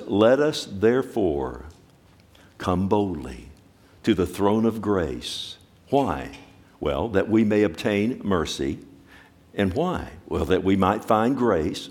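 A man with a somewhat low voice delivers a sermon. He swings from hushed, quickened asides to loud, drawn-out exclamations. He keeps asking his listeners questions. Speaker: preacher.

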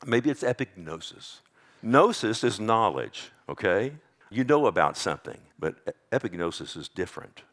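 A man with a Texas accent delivers a sermon in a mid-pitched, down-to-earth voice. He talks to his listeners as if chatting, asks them for amens, and drops low and slow on key scripture lines. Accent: Texan. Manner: conversational, calls out to congregation for amens. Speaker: preacher.

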